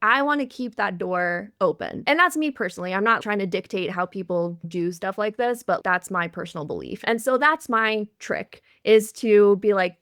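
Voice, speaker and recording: A woman podcast host and relationship coach in casual chat, telling a story in a lively way, often speeding up and laughing easily. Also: mid-range voice, normal speed, hardly any pauses, no echo, studio quality.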